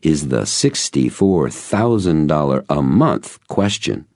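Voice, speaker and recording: Patient male coach-mentor, read by a man: deep and gravelly, lively intonation, emphatic and measured, audiobook. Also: no echo, clean studio sound, heavily acted. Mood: confiding. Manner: measured, emphatic teaching delivery.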